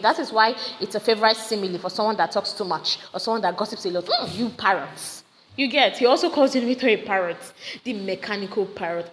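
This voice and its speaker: A woman with a Nigerian accent explaining a poem to students in a casual, lively way, often asking them questions. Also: medium pitch. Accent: Nigerian English. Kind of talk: casual recorded lesson. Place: home with generators running nearby. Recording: audio recording, reverberant, faint generator noise.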